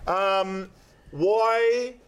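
A New man with a fairly high voice, chatting as a comedian guest. He jokes, laughs easily and runs himself down. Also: very slow, clear, resonant tone. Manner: jokey, self-deprecating, laughs often. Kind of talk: casual chat.

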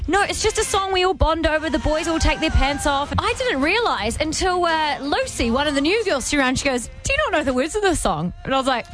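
A woman's voice: sits high, animated, a little fast, hardly any pauses, a bit bright, faint music behind. A chatty woman with a New Zealand accent hosting a radio show. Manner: chatty, laughing. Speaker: radio host. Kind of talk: breakfast radio banter.

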